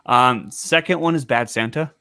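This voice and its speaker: A man in his twenties co-hosting a casual podcast, telling stories in an animated way. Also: mid-range voice, normal speed, no room sound. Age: 20s. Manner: animated storytelling with laughs. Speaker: co-host.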